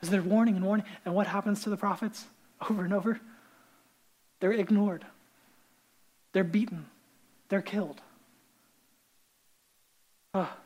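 Animated storytelling male pastor. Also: high voice, a little slow, long pauses, low-quality recording. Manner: animated storytelling, acting out the characters' lines; casual, with many fillers and restarts. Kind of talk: sermon.

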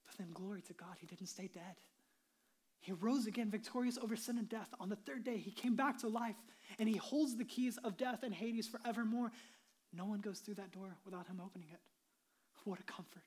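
A woman pastor delivers an earnest sermon, shifting between emphatic passages and hushed ones, now and then sinking to a whisper. Her voice is medium-pitched and breathy-edged, and she speaks fairly quickly.

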